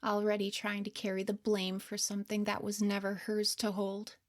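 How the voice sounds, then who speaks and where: A woman voicing her older, wiser self in a soft, gentle whispered role-play. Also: medium pitch, completely flat delivery, normal speed, close to an everyday voice. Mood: tender.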